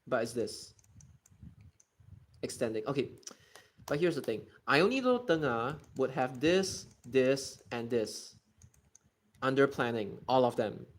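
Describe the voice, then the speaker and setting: A man from Singapore streaming a geography game, chatting casually and ranting about how people pronounce words. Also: mid-range voice. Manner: ranting, exasperated about pronunciation. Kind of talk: casual gaming commentary, reading chat.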